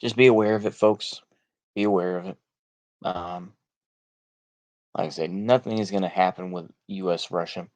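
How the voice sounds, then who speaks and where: A man's voice: deep voice, fairly even intonation, moderate pace, pauses often, darkish tone. A man with a Texan accent giving a casual political monologue, blunt and sarcastic, rambling with lots of fillers and repeated "like I say.". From United States. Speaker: political commentary vlogger.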